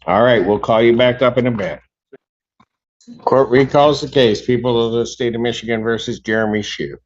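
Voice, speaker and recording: A man's voice: normal speed, a little hiss or hum. A man serving as a judge, lecturing a defendant in court in a stern, firm manner. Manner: stern, lecturing, jumps high in pitch when incredulous. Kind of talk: courtroom proceedings. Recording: dull courtroom audio.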